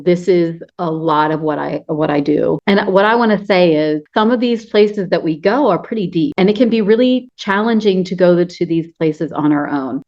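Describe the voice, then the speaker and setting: Gentle, mellow-voiced woman coach. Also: lowish voice, muffled recording. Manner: gentle, earnest, often acts out inner dialogue. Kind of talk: teaching talk to camera.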